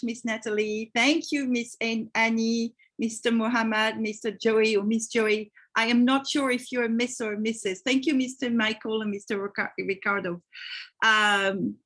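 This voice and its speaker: A woman's voice: a little high, fairly bright tone. A woman from France with a French accent, hosting a live online webinar over a video call and greeting attendees by name. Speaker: webinar host.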